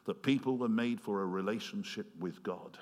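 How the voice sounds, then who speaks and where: A man preaching a sermon, retelling a story with animated swings between loud passages and quiet, earnest asides. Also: lowish voice, normal speed. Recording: long hall reverb.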